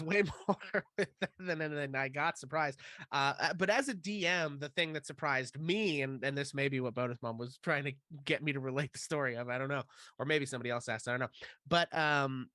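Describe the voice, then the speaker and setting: A man's voice: fairly high pitch, brisk, pushed and bright, no echo. A man, a dungeon master, hesitantly starting a story in casual chat.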